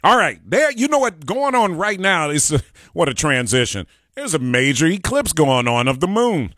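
A man's voice: fairly high pitch, big pitch swings, normal speed, fairly bright tone, no echo, clean studio sound. A man hosting a Chicago talk radio show, ranting with fiery passion and hammering his points through repetition, with a Chicago accent. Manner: fiery, preachy, repeats phrases for emphasis. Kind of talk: impassioned political talk radio rant. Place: radio studio. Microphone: studio microphone.

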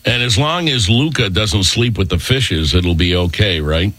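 A man's voice: lowish voice, a little slow, fairly bright tone, no room sound. A man hosting casual morning radio chat, joking and bantering with a guest.

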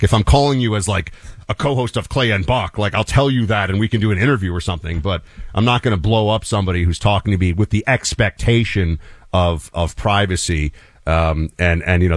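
A man in his forties talking on a radio show, his voice on the low side. He chats casually and tells stories with emphatic asides. The studio sound is close and dry. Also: dry recording. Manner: conversational, storytelling, emphatic asides. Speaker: radio talk show co-host. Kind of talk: casual political talk radio.

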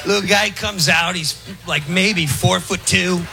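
A man doing a stand-up comedy bit in a played clip, loud and gravelly. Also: high-pitched, a little slow, heavy background noise.

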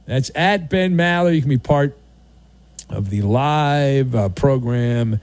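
A man's voice: mid-range voice, expressive, takes it slowly, darkish tone, dry recording. A man hosting a sports talk radio show, ranting sarcastically and slipping into mocking voices. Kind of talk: opinionated sports talk monologue.

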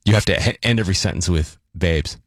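A man hosts a morning radio show in a playful, chatty way full of quick asides. His voice sits low. The studio mic sounds dry and close. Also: dry recording. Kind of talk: casual radio chat. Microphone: studio microphone.

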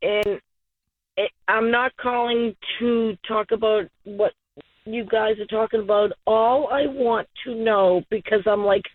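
A tearful, choked-up woman calling in to a radio show, her voice breathy and pitched a little high. She speaks slowly and haltingly. She comes through a thin, tinny phone line. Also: fairly even intonation, no echo. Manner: halting, emotional. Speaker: caller. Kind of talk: call-in radio caller. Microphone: telephone.

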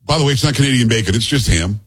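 A man's voice: mid-range voice, animated, very fast, slightly rough. A man hosting a radio talk show from a studio, rambling and joking in teasing banter with his co-host. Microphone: studio microphone.

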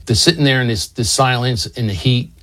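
A man telling a historical story in a relaxed, conversational way, explaining as he goes with small asides and restarts. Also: mid-range voice, brisk.

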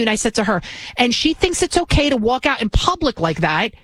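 A woman's voice: high voice, expressive, fast talker, dry recording, rough recording. Indignant woman talk radio host. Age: 40s. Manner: indignant, ranting storytelling.

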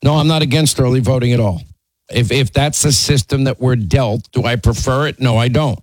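A male talk radio host speaking at a medium pitch with a dry, close studio sound. He talks emphatically and keeps restarting his sentences as he takes calls. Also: brisk, darkish tone, dry recording, poor audio.

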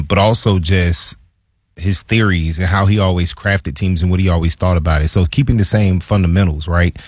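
A man's voice: low voice, husky, dry recording, studio quality. A man who played pro football, co-hosting a casual sports talk and telling stories about his playing days in a laid-back way. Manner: storytelling, laid-back, animated retelling.

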